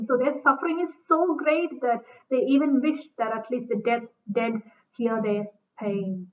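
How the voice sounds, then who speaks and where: A woman's voice: on the high side, unhurried. A woman giving a literature lecture, reading lines from a play aloud and then explaining them in plain words, with fillers and restarts. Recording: dull distant recording.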